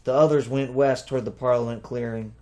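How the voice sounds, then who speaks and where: A man's voice: mid-range voice, fairly even intonation, a little fast, mellow. Man reading a storybook aloud. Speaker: audiobook narrator. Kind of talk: storybook narration.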